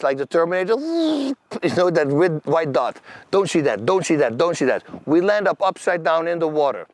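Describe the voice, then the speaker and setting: With a slightly high voice on a dry recording, a channel host from the Netherlands gives an animated storytelling monologue about his own experiences. He acts out scenes and quotes vividly, his grammar loose and non-native.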